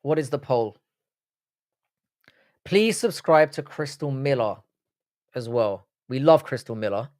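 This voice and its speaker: A man's voice: mid-range voice, animated, measured pace, long pauses, a little mellow, no echo, clean studio sound. A man from Britain, hosting a live stream in casual chat, reading viewer comments and trading sweary, joking banter.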